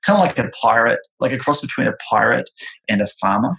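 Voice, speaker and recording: A young man in casual chat, rambling and animated, with many filler words. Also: medium pitch, quick pace, gravelly, slight background noise, rough recording. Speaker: photographer and former music producer.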